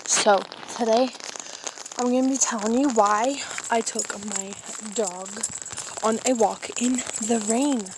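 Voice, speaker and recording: A woman's voice: on the high side, steady tone, slow. A teenage girl chatting and rambling into a handheld phone while walking her dog outside in the rain. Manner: rambling, giggly, chatty storytelling. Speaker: vlogger. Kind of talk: casual vlog chat. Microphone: handheld phone camera. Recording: rain noise over the voice. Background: rain on an umbrella.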